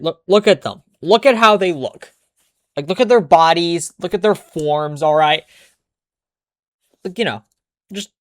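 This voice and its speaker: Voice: medium pitch, no room sound, clean studio sound. A commentator ranting casually about a cartoon, profane, exasperated and sarcastic.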